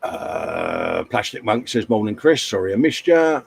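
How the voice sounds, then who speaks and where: A man's voice: fairly low pitch, huge pitch swings, measured pace, creaky, husky, no echo. A man, co-hosting a live stream and chatting casually while reading viewer comments aloud. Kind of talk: casual banter.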